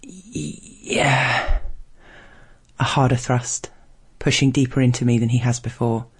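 A man reading a first-person erotic story aloud in a low, measured, intimate way. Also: little pitch movement, darkish tone, breathy edge.

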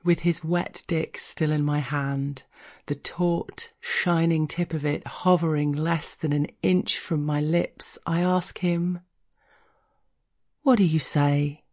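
A woman narrating an erotic audio story in a deliberate, teasing way, sometimes dropping to a whisper. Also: deep voice, fairly even intonation, darkish tone.

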